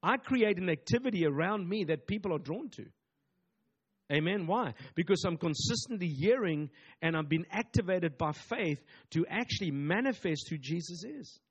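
Male pastor, fairly high voice, emphatic repetitive preaching style. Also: expressive, normal speed, slightly rough, highs cut off. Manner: emphatic, repetitive preaching with call-and-response asides. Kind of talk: sermon.

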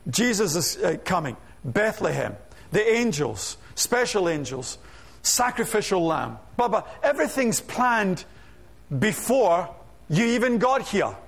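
A man preaching with energy in a high voice. He piles up rhetorical questions and slips in humorous asides. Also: very animated, unhurried, vocal fry, breathy edge. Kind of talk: sermon.

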